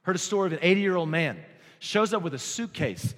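A man preaching a sermon as pastor, swinging from hushed, low passages to loud, excited stretches. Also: a little fast. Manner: dynamic, swings from hushed to shouting. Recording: long hall reverb.

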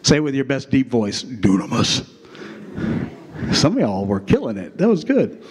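A pastor preaching a sermon in a chatty, joking way, calling on the crowd to answer back. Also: male voice, mid-range voice, huge pitch swings, brisk, darkish tone, breathy edge. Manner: jokey, chatty preaching with call-and-response. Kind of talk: sermon with acted skit.

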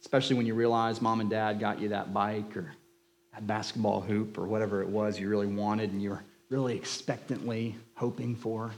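A man's voice: fairly low pitch, little pitch movement, brisk. A man preaching a sermon as a pastor in a church, with conversational storytelling.

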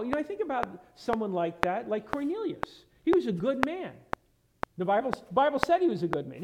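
Man preaching in a church, really lively swinging voice, loud hiss behind him. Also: high voice, normal speed. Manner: emphatic preaching, quotes scripture in King James wording. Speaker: pastor. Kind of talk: sermon. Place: church sanctuary. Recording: loud background noise in a church sanctuary.

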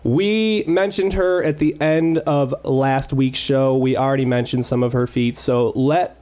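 A man's voice: mid-range voice, steady tone, unhurried, darkish tone. A man co-hosting a podcast in casual chat, joking, laughing often and swearing freely. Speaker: podcast co-host.

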